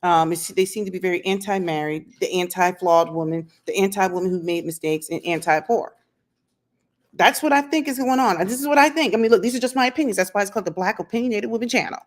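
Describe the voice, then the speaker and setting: A woman's voice: medium pitch, fast. A woman hosting her own opinion channel, talking straight to camera outdoors and firing rhetorical questions at viewers. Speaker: channel host. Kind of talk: casual opinion vlog monologue. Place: outdoors in sunlight.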